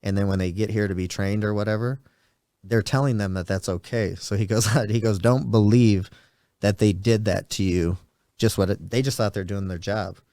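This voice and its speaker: Smooth-voiced man in his forties. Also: fairly low pitch, fairly even intonation, normal speed, dark tone, no echo, studio quality. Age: 40s. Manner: rambling, acts out quoted dialogue. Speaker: podcast host. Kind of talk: casual storytelling.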